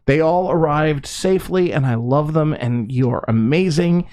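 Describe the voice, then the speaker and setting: A man co-hosting a craft livestream, chatting casually in a self-mocking, excitable way. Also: normal speed. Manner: self-mocking, excitable, lively swings in pitch. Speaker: co-host.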